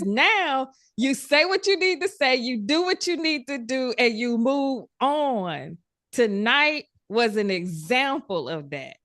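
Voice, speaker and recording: A woman coach speaking slowly and emphatically, leaning into each affirming phrase. Her voice sits close and dry, with no room sound around it. Mid-pitched and warm in delivery. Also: very animated, no room sound. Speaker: coach leading a community session. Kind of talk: supportive group coaching talk.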